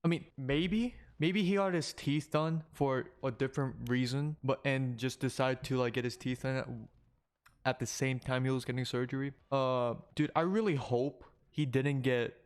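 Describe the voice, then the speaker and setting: A young man from Korea doing reaction commentary, talking loudly and bluntly with plenty of swearing and laughter. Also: medium pitch, normal speed, clean tone. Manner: loud, blunt and profane, with frequent laughs. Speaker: commentary YouTuber.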